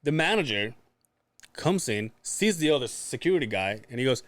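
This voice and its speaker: A man's voice: a little high, very animated, normal speed, no room sound. A man co-hosting a podcast, telling a story casually, swearing often and acting out what people said. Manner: swears often, acts out quoted voices. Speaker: podcast co-host.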